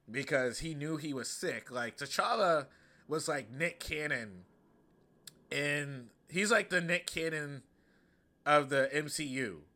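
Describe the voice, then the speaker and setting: Bright-voiced man hosting a comedy podcast. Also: mid-range voice. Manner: loose, profane and animated, acting out quoted lines. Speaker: podcast host. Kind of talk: casual comedic movie review.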